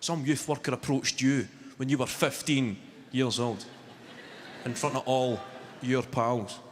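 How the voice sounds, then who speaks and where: Man, twenties, Glaswegian accent, sweary stand-up storytelling, live arena echo, loud crowd. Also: mid-range voice, fairly even intonation, measured pace, background noise. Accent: Glaswegian Scottish. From Scotland. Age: 20s. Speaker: stand-up comedian. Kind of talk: stand-up comedy routine. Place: large arena stage with a laughing crowd.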